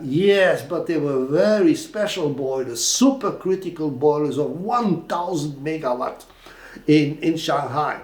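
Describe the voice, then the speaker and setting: Older man, Flemish Belgian accent, animated anecdotes, fairly high voice, echoey room. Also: unhurried. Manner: animated, with frequent fillers and restarts. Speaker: interviewee. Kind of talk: anecdotal storytelling. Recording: roomy echo.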